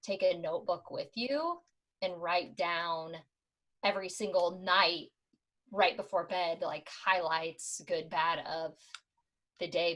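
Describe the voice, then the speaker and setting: A woman's voice: lowish voice, a bit bright, low-quality recording. A woman on a podcast, chatting casually about selling books door to door, with lots of "like" fillers. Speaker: podcast guest, former door-to-door book seller. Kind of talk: casual storytelling chat.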